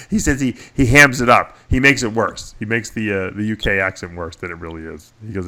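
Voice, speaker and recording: A middle-aged man with a New York accent hosts a radio show, chatting casually and telling stories animatedly while laughing at himself. His voice sits on the low side at a moderate pace, and he's a podcast host.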